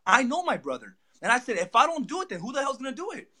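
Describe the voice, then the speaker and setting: A young man tells his story at a rapid clip. His voice sits high and bright, and he acts out each quoted line with excitement. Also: husky. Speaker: guest. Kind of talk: animated storytelling.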